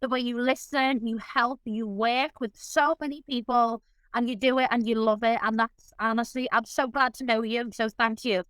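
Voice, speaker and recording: A woman's voice: fairly high pitch, steady tone, normal speed, fairly bright tone, clean tone, dry recording, rough recording. A woman guest in an interview, talking in an effusive, openly emotional way. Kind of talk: casual interview chat.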